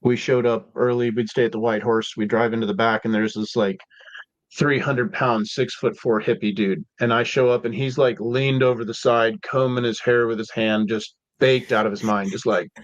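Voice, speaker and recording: A laid-back man from Seattle tells stories as a podcast guest, his speech loose and slangy and full of "like" and "dude". His voice sits at an ordinary pitch. The audio is dry and a little dull. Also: fairly even intonation, normal speed, no echo. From Seattle, USA. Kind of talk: casual storytelling.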